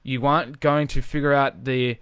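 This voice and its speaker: A social confidence coach talks energetically in an unscripted live video, swearing freely and hammering his points by repeating phrases. His voice is smooth and resonant at a middling pitch, at normal speed, recorded close and dry with no echo.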